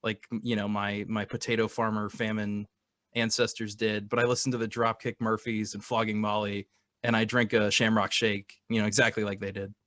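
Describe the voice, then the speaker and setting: A man's voice: fairly low pitch, level tone, normal speed, a bit bright, no room sound, clean studio sound. A young man hosting a podcast in casual chat, jokey and self-mocking. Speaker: podcast host.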